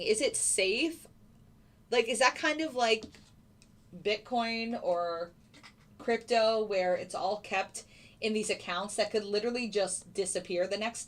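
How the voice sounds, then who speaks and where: A woman hosts a live stream in a relaxed, casual way, greeting viewers by name as she talks. Her voice sits at a medium pitch. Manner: chatty, answers viewers by name. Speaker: livestream host. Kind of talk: casual livestream chat.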